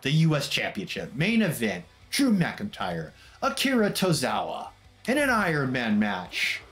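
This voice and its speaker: Over background music, a man recaps wrestling matches in casual, wry game commentary, tossing in mock quotes. His voice is medium-pitched and a bit bright.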